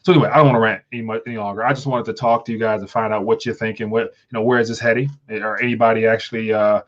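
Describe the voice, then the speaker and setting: A man's voice: on the low side, steady tone, racing. Rambling man on a lo-fi livestream. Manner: rambling, many restarts and stumbles. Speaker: livestream host. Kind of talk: casual livestream commentary.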